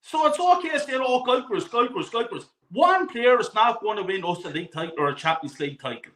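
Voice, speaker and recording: A man's voice: sits high, wildly swooping pitch, quick pace, bright, forceful tone, roomy sound, low-quality recording. A man on a football fan panel, blunt and exasperated, swearing freely as he vents about his club. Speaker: panel guest. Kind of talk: heated football panel chat.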